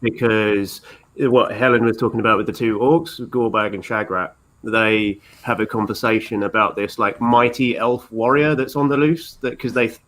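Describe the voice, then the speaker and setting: A man's voice: on the low side, fairly even intonation, moderate pace, fairly bright tone. Knowledgeable man explaining book lore. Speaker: podcast panelist. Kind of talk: casual film discussion.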